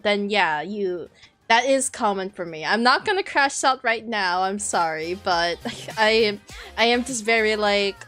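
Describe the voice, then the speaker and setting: A woman's voice: mid-range voice, unhurried, a bit bright. A young woman vtuber chatting casually on a live stream, flustered and rambling, with lots of restarts and apologies. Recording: faint music behind. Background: faint background music.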